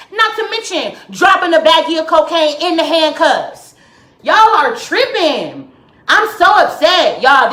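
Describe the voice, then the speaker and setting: A high, bright woman's voice delivers an indignant live-stream rant to viewers from home. She talks with heated emphasis and big leaps in pitch. The sound has an echoey room around it. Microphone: phone or webcam live stream.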